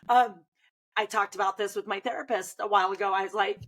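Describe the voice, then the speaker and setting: A woman's voice: mid-range voice, brisk, low-quality recording. Chatty woman swim coach in conversation. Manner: chatty, frequent "like" fillers, animated retelling. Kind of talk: casual conversation.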